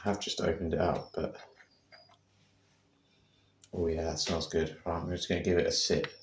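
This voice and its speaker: A man's voice: deep voice, little pitch movement, moderate pace, noisy background. A young man chatting casually to his phone while out running by the sea, with lots of fillers and a self-deprecating manner. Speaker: vlogger. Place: outdoors by the sea. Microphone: handheld phone.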